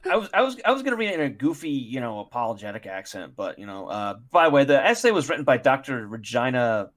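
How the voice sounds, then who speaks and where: A man co-hosting a podcast, talking in a wry, halting way and often restarting his sentences. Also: medium pitch, very animated, fairly bright tone. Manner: wry, halting, stumbles over words. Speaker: podcast co-host. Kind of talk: casual chat, reading aloud.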